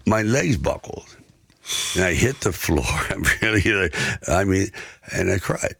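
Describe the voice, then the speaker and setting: A man guest telling stories from his own life in a conversation, animated and acting out the people in them. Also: deep voice, measured pace, creaky, slightly rough, no room sound. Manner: animated storyteller who acts out the voices in his anecdotes. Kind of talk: storytelling in a conversation.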